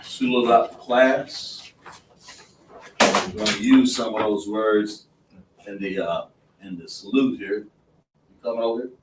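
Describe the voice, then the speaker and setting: A man's voice: lowish voice, slow, long pauses. A man teaching a class in an emphatic, repetitive, scolding preaching manner, in an indoor classroom. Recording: roomy, distant mic, faint noise.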